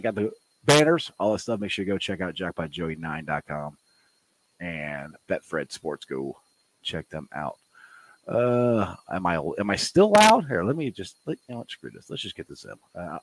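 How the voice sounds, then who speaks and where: A man hosting a casual live-streamed sports podcast, laughing often and getting loud when excited. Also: fairly low pitch, normal speed, low-quality recording. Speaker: podcast host. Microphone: home desk mic.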